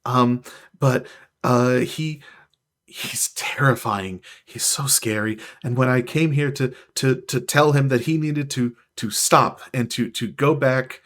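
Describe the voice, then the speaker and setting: A skittish winged celestial, as a game master puts him on, stammering and jittery as he talks. His voice sits at an everyday man's pitch and keeps breaking off and restarting. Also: takes it slowly, a bit bright. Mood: frightened. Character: timid, nervous male celestial with wings.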